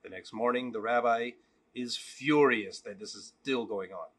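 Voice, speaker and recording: A man vlogging, telling a long joke and then talking candidly in a relaxed, casual way. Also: medium pitch, normal speed, breathy edge. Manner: relaxed, candid, repetitive storytelling. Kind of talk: joke storytelling and casual reflection.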